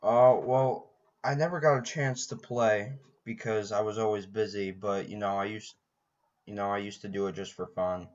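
A man with a low voice chats easily with a stranger, pausing now and then. His sound is dull and lo-fi, like a cheap webcam. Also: fairly even intonation. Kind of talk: casual chat. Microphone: video chat. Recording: dull lo-fi video chat audio.

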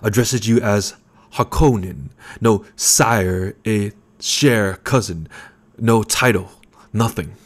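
A man's voice: fairly low pitch, slow. A man reading an audiobook, voicing a sly male assassin and adviser with a sweet, musical tenor and a mocking manner.

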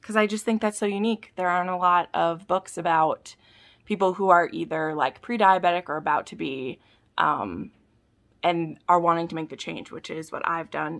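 A young woman vlogging, gushing over packages she has opened, with gasps and sudden squeals that drop back to soft whispers. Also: lowish voice, steady tone, normal speed, vocal fry. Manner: drops to soft whispers between bursts. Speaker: book vlogger. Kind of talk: casual vlog unboxing.

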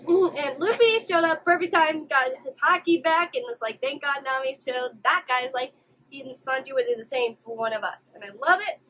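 A woman's voice: sits high, a little fast, pushed and bright, low-quality recording. A young woman hosting an anime reaction video, emotional and exclamatory, swearing now and then. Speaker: reaction channel host.

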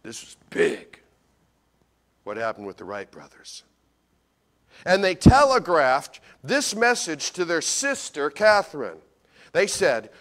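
A man preaching a Christmas sermon as pastor, folksy and animated, talking straight to his congregation and swinging from loud to hushed. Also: fairly high pitch, slow, pauses often. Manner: folksy, addresses congregation directly.

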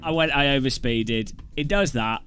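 A man's voice: medium pitch, normal speed, fairly bright tone. A man casually chatting and joking while live-streaming a game, swearing now and then. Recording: clear background music. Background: background music.

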